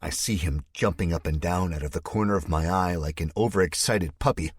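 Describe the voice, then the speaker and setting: A man with a low, husky voice narrates an audiobook in the first person. His delivery is tense and measured, recorded dry and close with no room sound. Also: no echo.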